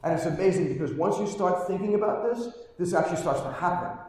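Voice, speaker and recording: A man's voice: high voice, quick pace, darkish tone. Middle-aged man telling stories in an echoey hall. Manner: earnest storyteller, keeps asking the crowd "right?". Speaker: pediatric chiropractor giving a keynote. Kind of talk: live conference talk, storytelling. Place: large conference hall, live on stage. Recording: very echoey hall, distant mic.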